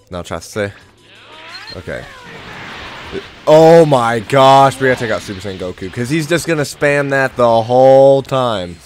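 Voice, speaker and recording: A man hosting a let's play, chatting casually over gameplay with sudden loud frustrated outbursts. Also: mid-range voice, lively intonation, moderate pace, soft background music.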